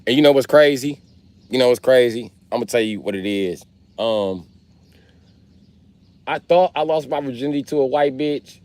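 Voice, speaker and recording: A man's voice: mid-range voice, normal speed, long pauses, a little mellow, no echo. A young man live-streaming, chatting casually and profanely with his viewers in a loose, rambling way. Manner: rambling, profane, talks straight to chat. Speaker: livestreamer.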